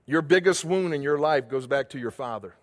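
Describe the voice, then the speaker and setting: High-voiced male pastor preaching in a hall. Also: brisk. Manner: preaching with rising emphasis and repeated phrases. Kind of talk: sermon.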